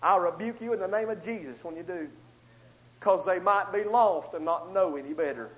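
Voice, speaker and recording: A man preaching a storytelling sermon, swinging between loud outbursts and hushed asides. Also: sits high, normal speed, poor audio.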